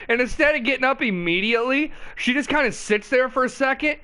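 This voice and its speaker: A man's voice: very high-pitched, fast, hardly any pauses, smooth. A man hosting a show, chatting casually with amusement and telling stories between clips. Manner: amused, laughing, animated storytelling. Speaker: show host reacting to a clip. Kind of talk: casual commentary.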